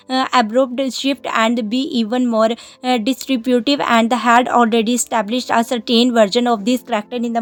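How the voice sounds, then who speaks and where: Woman reading film commentary, bit high voice, lots of uh pauses, halting. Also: no echo. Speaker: narrator. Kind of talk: scripted film commentary narration.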